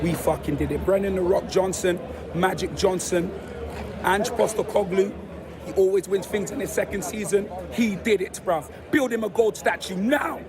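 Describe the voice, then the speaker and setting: Amid a crowd of fans outside a stadium, a hoarse young man with a London accent shouts boastful street-slang banter into his handheld phone after a football victory. His high voice is almost gone, and the excited vlog is recorded on a noisy, packed street.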